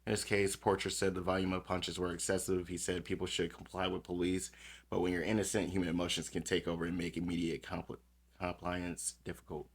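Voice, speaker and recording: Brisk and husky, this low-voiced man keeps his pitch fairly flat while hosting a podcast. He reads out news items, stumbling slightly, and responds to them with blunt remarks laced with profanity.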